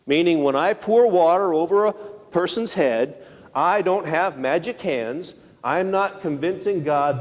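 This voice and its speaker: A male pastor giving a sermon in a conversational, animated way, often asking the congregation rhetorical questions. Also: fairly high pitch, a little slow. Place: church sanctuary. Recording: long church reverb.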